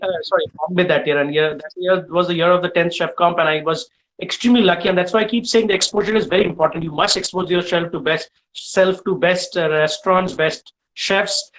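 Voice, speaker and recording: A middle-aged man from India with an Indian English accent, a guest chef telling animated stories to students, full of uh fillers. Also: high voice, rough recording. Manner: animated, frequent uh fillers, lively storytelling. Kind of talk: storytelling in a live online session.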